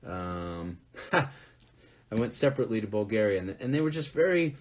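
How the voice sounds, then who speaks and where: A touring musician answering fan questions in a casual live Q&A, talking in a rambling, conversational way. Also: male voice, on the low side, very animated, moderate pace. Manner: rambling, conversational, with fillers and restarts.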